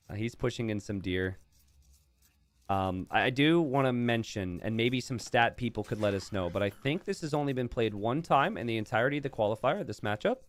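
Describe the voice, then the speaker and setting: A man's voice: medium pitch, fairly bright tone. A young man casting a strategy game match, chatty and laughing easily. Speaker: esports caster. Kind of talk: game commentary.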